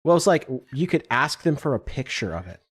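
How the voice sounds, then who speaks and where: A man's voice: on the high side, very animated, brisk, breathy edge. A man co-hosting a podcast, giggly and enthusiastic in casual chat. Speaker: podcast co-host.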